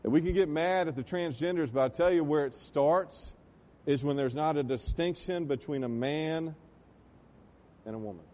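Man preaching from the pulpit, impassioned, swells to loud peaks, muffled low-fi recording. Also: moderate pace. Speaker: pastor. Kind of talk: sermon. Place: church sanctuary.

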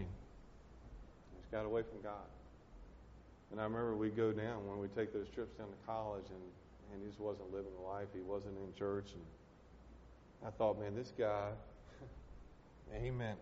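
Speaking at a moderate pace with long pauses, this pastor keeps his intonation fairly even and his tone darkish while delivering a warm, homespun sermon full of "man" and "hey" that rises to urgent appeals. His normal-pitched voice echoes through a church sanctuary's long reverb. The recording is muffled and lo-fi, with a low rumble beneath.

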